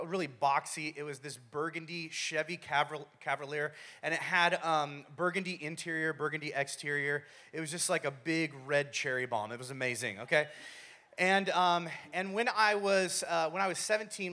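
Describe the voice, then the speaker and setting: A young male preacher with a high, bright voice delivers a sermon as a casual personal story. He talks loosely with fillers and jokes, and now and then slips into a whiny put-on voice for his younger self.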